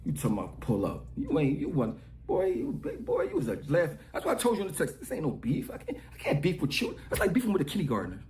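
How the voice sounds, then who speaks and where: A man's voice: fairly high pitch, huge pitch swings, fast, few pauses, darkish tone, echoey room. A man ranting and taunting someone in a mocking way. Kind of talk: trash talk rant.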